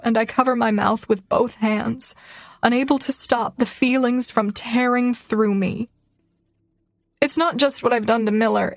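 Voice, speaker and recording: A woman's voice: fairly high pitch, no echo, studio quality. A young woman reads a first-person romance audiobook, her delivery emotional and tearful. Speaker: audiobook narrator.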